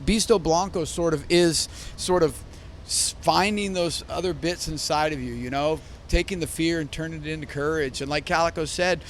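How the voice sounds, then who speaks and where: A man, a bass player, talking in a casual backstage interview, enthusiastic and rambling with restarts. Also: moderate pace, slight background noise. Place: backstage at a concert venue.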